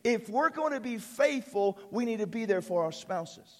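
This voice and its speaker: A male pastor delivers a church sermon in a fairly high voice for a man. He builds through repeated lines and calls out "amen?" to draw responses from the congregation. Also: lively intonation, normal speed, darkish tone. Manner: preaching with call-and-response amens and repeated phrases.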